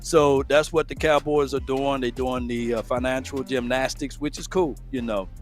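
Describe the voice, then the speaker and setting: A man's voice: medium pitch, steady tone, normal speed, faint music behind. A man co-hosting a casual sports talk stream, chatty and explaining at length with laughs. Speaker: co-host, legal analyst.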